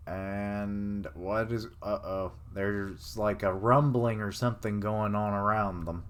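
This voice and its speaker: A man reading a manga chapter aloud on a live stream, chatting and thinking out loud as he goes. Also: fairly low pitch, steady tone, takes it slowly, hardly any pauses, clear, resonant tone.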